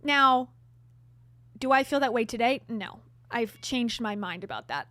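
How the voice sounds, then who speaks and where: Woman vlogger, candid and sarcastic, a little high, dry. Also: sharp tone, no echo. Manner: chatty, candid, with sarcastic asides. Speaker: vlogger host. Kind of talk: casual storytelling to camera.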